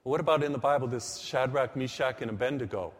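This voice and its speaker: A man preaching a sermon, emphatic and full of stories, slowing down and speeding up to drive his points home. His voice sits in a middle pitch. A long reverb from a big church hall trails each phrase. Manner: storytelling, emphatic, varies pace for effect.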